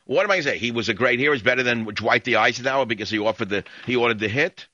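In a studio, a man runs a call-in radio show, his talk rambling, sardonic and strongly opinionated as he speaks into a studio microphone between monologue and calls. His medium-pitched voice races along, bright and forceful, in a muffled recording with no echo.

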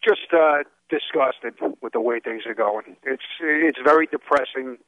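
A man calling in to a radio show, halting and stammering. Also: mid-range voice, no echo. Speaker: caller. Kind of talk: call-in radio. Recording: tinny phone line.

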